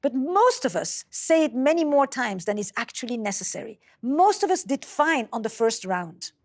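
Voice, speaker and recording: A woman giving a measured, explanatory talk on communication, sometimes acting out quoted dialogue. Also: a little high. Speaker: speaker on communication. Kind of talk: lecture-style talk.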